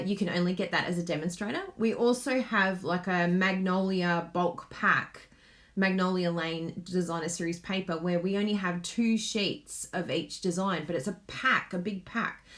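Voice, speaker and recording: A woman's voice: lowish voice, fairly bright tone. A woman from Queensland with an Australian accent, chatting casually as a craft host, bubbly and laughing often. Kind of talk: casual live chat.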